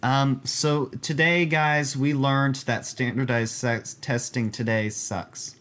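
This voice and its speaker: A man's voice: mid-range voice, fairly even intonation, slow pace, fairly bright tone, slight background noise. A man hosting a casual podcast, quizzing his co-host with dry, teasing jokes.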